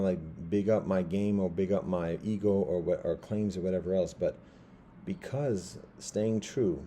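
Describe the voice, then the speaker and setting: A man in his fifties giving a rambling personal monologue, halting as he repeats words and restarts his sentences. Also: low voice, dark tone, slight background noise.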